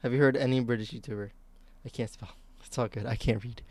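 A young man streaming live, reacting out loud in a slangy, excitable way. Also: medium pitch, brisk, dry recording.

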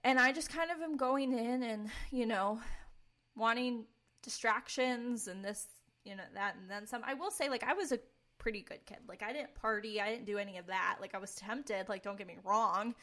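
This young podcast co-host has a medium-pitched, sharp-toned voice at normal speed. She recounts her personal faith journey in a relaxed, honest and earnest way, her speech dotted with frequent "like" fillers.

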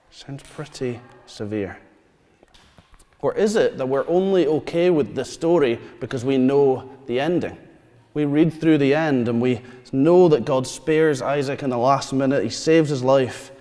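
A man, preaching a sermon. He tells stories and asks the congregation questions, dropping to quiet asides. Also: mid-range voice, unhurried. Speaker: pastor. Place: church hall. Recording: long church reverb.

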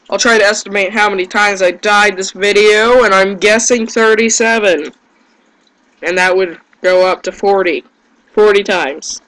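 A man's voice: high-pitched, a bit bright, poor audio. A man giving gameplay commentary, yelping in panic and groaning at his own mistakes. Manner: panicky yelps and self-deprecating groans. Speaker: let's play gamer.

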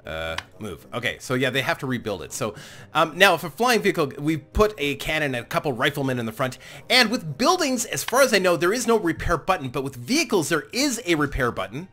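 A man giving casual gameplay commentary as a let's play host, excitable and thinking aloud, chuckling often. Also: on the high side, a little fast. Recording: game music playing under the voice.

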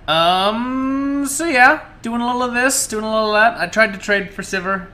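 Bright, excitable man hosting a gameplay video. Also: sits high, moderate pace. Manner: playful, joking and excitable. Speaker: let's-play host. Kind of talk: casual gameplay commentary.

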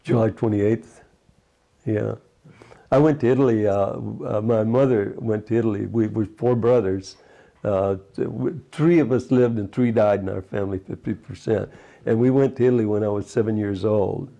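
An elderly man in his eighties tells his life story for an oral history interview, wandering from memory to memory. His voice sits low and gravelly with a dark, husky tone. He keeps dropping in little "you know" asides as he goes. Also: moderate pace, muffled recording. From United States. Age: 80s. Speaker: retired fisherman recounting his life.

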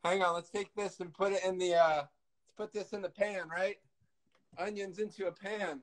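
A man's voice: sits high, fairly even intonation, moderate pace, a little hiss or hum, low-quality recording. A man cooking on a live video call, chatting casually and joking about himself. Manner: joking, self-mocking, loud when leaning in. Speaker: guest cook.

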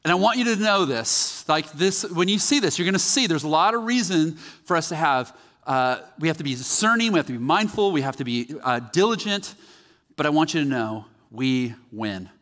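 Pastor guy preaching, kinda high voice, gets all worked up telling a story, long church echo. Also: fairly quick. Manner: animated storytelling, excitable, with self-corrections. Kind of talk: sermon. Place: church sanctuary. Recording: church hall reverb.

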